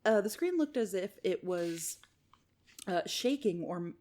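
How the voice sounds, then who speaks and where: A woman's voice: medium pitch, lively intonation, unhurried, darkish tone. A woman co-hosting a podcast, reading a listener's story aloud and chatting casually, swearing and laughing often. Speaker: podcast co-host.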